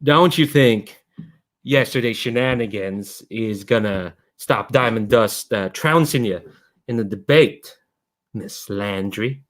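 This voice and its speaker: A man's voice: fairly low pitch, slow. A man doing a pompous Midwestern steampunk boy. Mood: smug. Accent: Midwestern American. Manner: blustering, fumbling for insults.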